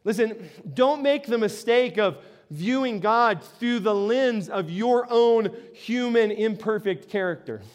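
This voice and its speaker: A man's voice: high-pitched, measured pace. A middle-aged male pastor preaching a sermon in a conversational, storytelling way, often tossing in "right?" to the congregation.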